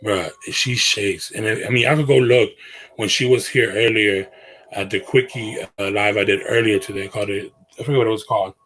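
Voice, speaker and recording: A man's voice: lowish voice, steady tone, a little fast, fairly bright tone, poor audio. A man hosting a casual livestream from his bedroom, talking to viewers in slangy, earnest speech that often trails off and restarts. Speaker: livestream host.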